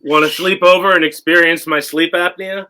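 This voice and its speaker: A man playing as a comedian panelist on a comedy game show, delivering punchlines in a deadpan way. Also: a little high, normal speed.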